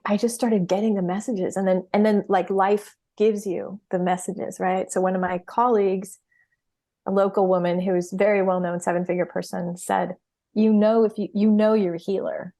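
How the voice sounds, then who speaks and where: Animated middle-aged woman telling stories. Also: mid-range voice, moderate pace. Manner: animated storytelling, acting out her own reactions with laughs. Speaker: podcast guest, healer and coach. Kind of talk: casual interview chat.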